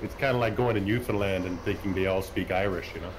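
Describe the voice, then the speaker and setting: A man's voice: sits low, fast, rough recording. A man from Canada chatting casually on a livestream, rambling with restarts and fillers. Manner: relaxed, rambling, many restarts. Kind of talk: casual chat. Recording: audible background noise.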